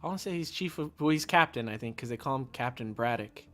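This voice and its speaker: A man's voice: medium pitch, animated, fast talker, pushed and bright. A man in casual chat, retelling a movie's plot and acting out lines with a raised voice. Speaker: podcast co-host.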